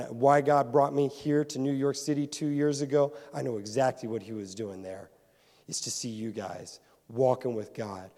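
A man's voice: mid-range voice, dark tone. A pastor preaching an earnest, emphatic sermon to his congregation, repeating phrases for weight. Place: church hall. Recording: hall reverb.

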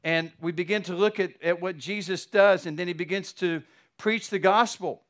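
A man's voice: high voice, moderate pace, a bit bright. A middle-aged man, a pastor, preaching a sermon with fervent, building emphasis.

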